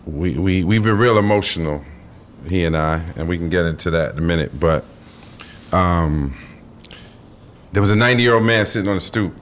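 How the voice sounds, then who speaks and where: Low-voiced man telling a vivid story. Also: moderate pace, long pauses, slight background noise. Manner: vivid, profane, acts out the characters. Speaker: guest, actor. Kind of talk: animated storytelling in a podcast chat.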